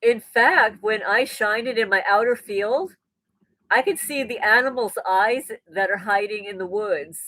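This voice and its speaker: An older woman chats animatedly on a laptop livestream, reading out viewer comments. Her voice sits at a middling pitch, and the sound is dry and close with little room echo. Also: unhurried. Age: 60s. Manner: animated, repeats words, laughs often. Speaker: livestream host. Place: rural home indoors. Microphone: laptop mic.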